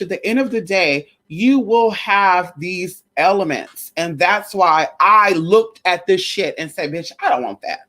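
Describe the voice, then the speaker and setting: A woman vlogger ranting to her viewers in a casual, profane, emphatic way, sometimes slipping into a preachy, sermon-like tone. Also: fairly low pitch. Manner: profane, emphatic, animated storytelling. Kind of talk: casual rant to camera.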